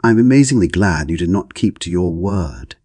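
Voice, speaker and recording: Gushing, insincere young woman read by a man, pointed and effusive, low and husky. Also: expressive, normal speed, darkish tone, no room sound.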